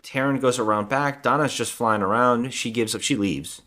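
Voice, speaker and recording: A man's voice: medium pitch, normal speed, bright, forceful tone. A man co-hosting a podcast, casually recapping a movie plot in a rambling way, acting out quotes and swearing. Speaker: podcast co-host.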